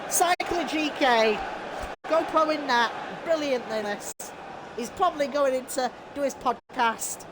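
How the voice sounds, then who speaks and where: A man's voice: extremely high pitch, unhurried, a crowd in the background, background noise. Rambling man streaming a game. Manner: rambling, jokey, with restarts. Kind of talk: casual gameplay commentary.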